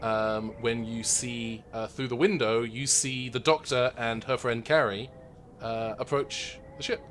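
Male game master, from Seattle, bright tone, halting delivery with fillers, faint ambience behind. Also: mid-range voice, steady tone, slight background noise. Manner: halting, full of ums and restarts. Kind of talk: narrating a tabletop role-playing game.

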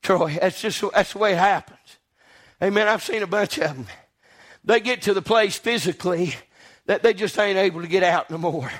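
Guy preaching a sermon, really high voice, drops low then shouts out, keeps saying amen. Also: normal speed. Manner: fervent, swings between low murmurs and shouted peaks; repeats phrases, punctuates with "amen".

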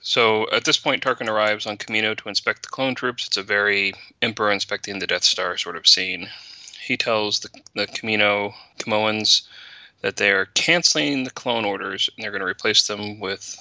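A man's voice: on the low side, steady tone, normal speed, bright, forceful tone, dry recording, highs cut off. A man co-hosting a casual podcast chat, wry and orderly as he recaps the plot. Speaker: podcast co-host.

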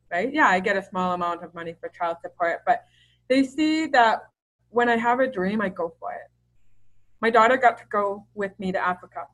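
A woman's voice: mid-range voice, a bit bright, rough recording. A middle-aged woman as a podcast guest, talking openly and chattily with lots of fillers and restarts. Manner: open, chatty storyteller with many fillers and restarts. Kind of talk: casual interview conversation.

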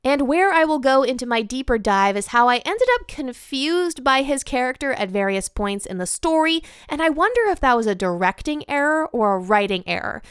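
A woman's voice: on the high side, clear, resonant tone, dry recording, clean studio sound. A woman hosting a podcast, giving a candid, opinionated film review with light laughs. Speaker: podcast host.

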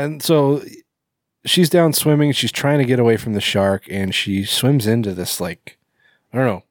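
A man's voice: on the low side, dry recording, studio quality. A man casually recapping a movie on a podcast, rambling with fillers and self-corrections. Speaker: podcast co-host.

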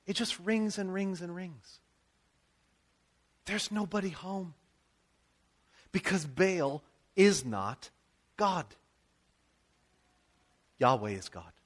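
Animated high-voiced American preacher. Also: male voice. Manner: conversational, animated storytelling with asides. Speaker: pastor. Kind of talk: sermon.

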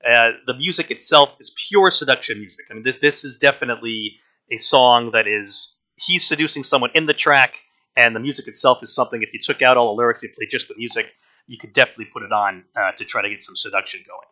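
A man's voice: mid-range voice, quick pace, sharp tone. A man talking casually through an album review, frank and wry. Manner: conversational, frank, wry asides.

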